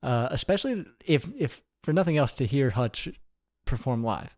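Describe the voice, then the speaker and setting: A young man co-hosting a podcast, chatting casually and teasing with quick one-liners. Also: medium pitch, expressive, darkish tone, no room sound, clean studio sound. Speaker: podcast co-host. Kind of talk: casual chat.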